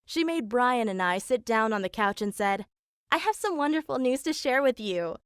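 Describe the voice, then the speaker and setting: A woman's voice: a little high, expressive, normal speed, clean tone, no echo, clean studio sound, lightly acted. A woman voicing an eighteen-year-old girl narrating her own story in an animation, in a plain, matter-of-fact way, as scripted first-person narration. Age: young adult.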